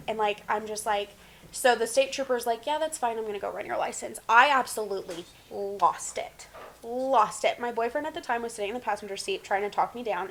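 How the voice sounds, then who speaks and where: A young woman sits in as a podcast guest and tells a story in casual chat. Her voice sits a little high. She acts out each person in the story as she goes. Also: a little fast, a little hiss or hum, rough recording. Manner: animated, dramatic retelling with quoted voices.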